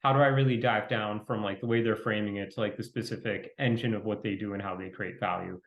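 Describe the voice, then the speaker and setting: A man speaking as an interview guest, talking quickly in a fairly flat, reflective way. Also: lowish voice. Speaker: venture capitalist guest. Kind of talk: conversational interview. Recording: roomy echo.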